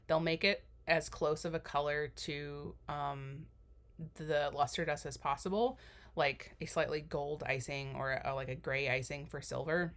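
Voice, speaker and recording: A low-voiced young woman with a drawl narrates a cookie decorating tutorial in laid-back fashion over a voiceover mic. Chatty and rambling, she leans on lots of fillers and makes self-deprecating jokes.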